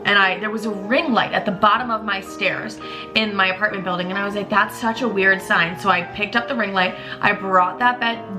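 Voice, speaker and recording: A woman's voice: medium pitch, pushed and bright. A woman in her twenties telling a candid, emotional, profanity-laced storytime as a vlogger. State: tearful at times.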